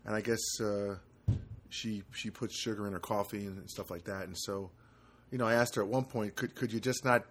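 A man's voice: fairly low pitch, steady tone, brisk. A man hosting a homemade podcast from his apartment, chatting casually and telling stories with lots of fillers and self-corrections. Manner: rambling storyteller with many fillers and self-corrections. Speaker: podcast host. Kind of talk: casual solo podcast chat. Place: home studio apartment. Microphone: homemade podcast setup.

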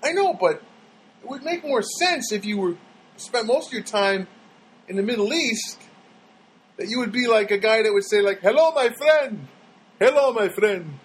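A man's voice: high voice, moderate pace, long pauses, slight background noise, poor audio. A middle-aged man with a New York accent, a comedian rambling through a casual monologue. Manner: rambling, animated storytelling.

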